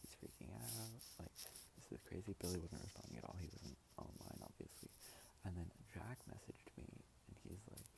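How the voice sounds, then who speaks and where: A young man talks through his game plan in a confessional diary vlog, rambling and full of "like"s. His voice sits low with a gravelly fry, over a noisy home recording from his bedroom. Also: wildly swooping pitch, moderate pace, few pauses. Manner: rambling, filler-heavy storytelling; talks quietly to avoid waking parents. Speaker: online game contestant.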